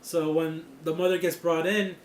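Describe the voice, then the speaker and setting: A man giving a casual, excitable review of a TV series, laughing often and swearing freely. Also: on the high side, moderate pace, reverberant, a little hiss or hum. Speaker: TV show reviewer.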